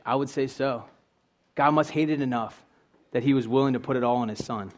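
A man's voice: mid-range voice, fairly quick. A young man preaching a sermon in an earnest, conversational way, asking his listeners questions.

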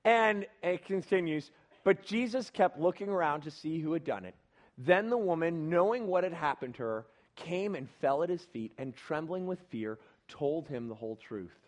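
A young man preaching on a Bible passage in a casual, animated way, acting out the people in the story. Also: a little high, normal speed. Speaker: pastor.

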